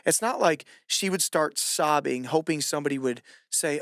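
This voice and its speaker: Podcast host, male coach, gravelly and a bit high-pitched, animated storyteller, dry close sound. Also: normal speed, hardly any pauses, dry recording. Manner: animated, acts out shouted quotes. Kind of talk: casual storytelling chat.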